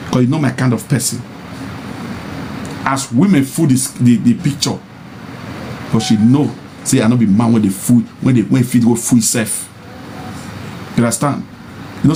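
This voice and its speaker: A man's voice: mellow, a little hiss or hum. Insistent Nigerian Pidgin-speaking man lecturing. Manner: insistent and repetitive, mocking, rising to high taunts. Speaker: social media personality. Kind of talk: preaching monologue to camera.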